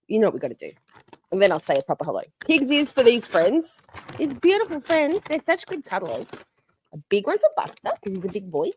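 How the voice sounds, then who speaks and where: A woman's voice: a little high, a little mellow, dry recording. An Australian woman hosting a casual livestream from home, bubbly and swearing freely as she greets viewers by name. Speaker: livestream host. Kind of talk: casual live-stream chat with viewers.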